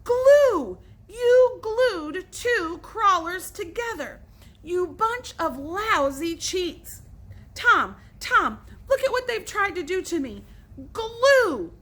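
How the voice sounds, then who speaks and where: Stubborn, suspicious boy, indignant and loud, read by a woman in her own voice. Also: on the high side, expressive, slow pace, exaggerated voice. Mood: outraged.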